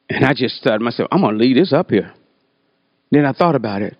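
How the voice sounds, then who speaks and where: A man's voice: medium pitch, fast, slightly rough, no echo. An older man in his sixties shares stories from his own life, and he slips into the voices of the people he quotes. The sound is dry and a bit dull, with no room around it. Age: 60s. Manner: animated, acts out voices in quotes. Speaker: storyteller. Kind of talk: personal storytelling talk.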